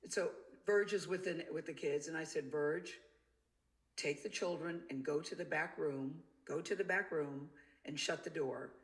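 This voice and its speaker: A woman telling a personal story in an interview, bringing each quoted voice to life as she goes. Her delivery is lively and expressive. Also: low-pitched, measured pace. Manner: animated, acts out the quoted voices. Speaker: interview guest.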